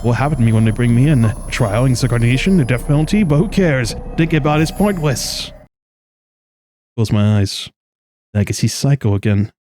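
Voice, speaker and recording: A man's voice: medium pitch, expressive, brisk, darkish tone, slight background noise. A man streaming a video game, reading its story text aloud dramatically and dropping wry asides between passages. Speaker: gaming streamer. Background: game music.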